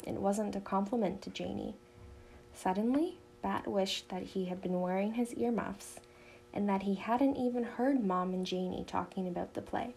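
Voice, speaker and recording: Woman narrator for a children's novel; steady, clear telling with some vocal fry. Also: mid-range voice, normal speed, a little hiss or hum, rough recording. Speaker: audiobook narrator.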